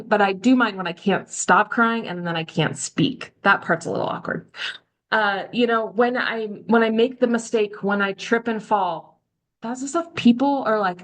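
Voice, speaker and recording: A woman's voice: medium pitch, normal speed. Chatty woman coaching on a video call. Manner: chatty, candid storytelling with lively quoted voices. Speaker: social media coach. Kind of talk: live online training talk.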